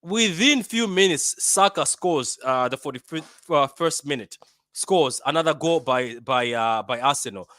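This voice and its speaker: Fan-channel host, man from Africa: bantering match reaction, bright forceful voice, fairly high, dry close sound. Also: a little slow, no room sound. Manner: animated, bantering, repeats himself.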